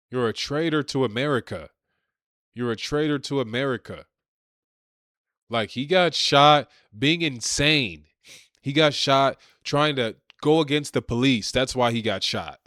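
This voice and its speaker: A man's voice: medium pitch, a bit bright, no echo, clean studio sound. A man giving a combative political rant, repeating himself and leaning on slang. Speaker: political commentator.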